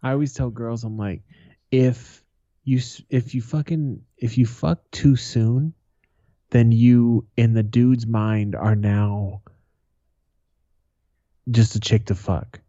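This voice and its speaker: A man's voice: mid-range voice, fairly even intonation, slow, pauses often, mellow, no echo. A man in his thirties co-hosting a podcast, telling profane stories in casual banter and laughing often. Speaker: podcast co-host. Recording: dull lo-fi, dry.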